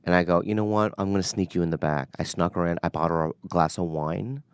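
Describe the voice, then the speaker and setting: A man in his forties spins an animated story in casual podcast talk. His voice sits low and smooth. The studio sound is close and dry. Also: quick pace, no room sound. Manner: animated storyteller, acts out quotes. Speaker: podcast guest, comedian.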